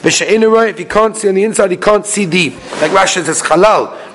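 A man with a fairly high voice leads a daily Talmud lesson. He reads a phrase aloud and moves straight into a brisk explanation of it. Small chuckles come between his points. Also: slight background noise. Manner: quick explanatory delivery, translating phrases as he reads. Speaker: Talmud teacher.

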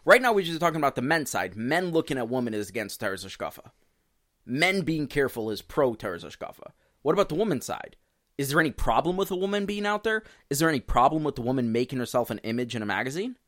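Male podcast co-host, mid-pitch, lively explainer, close dry mic. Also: quick pace, dry recording. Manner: animated, explains with quoted voices. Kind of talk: casual religious discussion podcast.

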